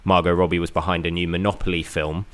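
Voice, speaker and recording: A man with a very deep voice talks through the news as a podcast panelist. His delivery is upbeat and chatty. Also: little pitch movement, fast talker, fairly bright tone, smooth. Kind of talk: podcast discussion.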